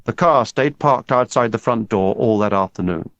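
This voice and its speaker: A man with a lowish voice narrates an audiobook from a script, telling the story in a measured, steady way. The recording is dry, dull and lo-fi.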